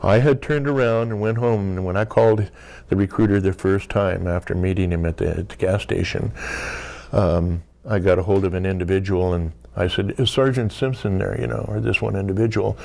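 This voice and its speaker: A man's voice: low-pitched, fairly even intonation, brisk, vocal fry, darkish tone. A man in his sixties, an interview guest, telling a long anecdote in a loose, rambling way, peppered with "you know" and acted-out bits of dialogue. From United States. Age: 60s. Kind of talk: casual storytelling interview.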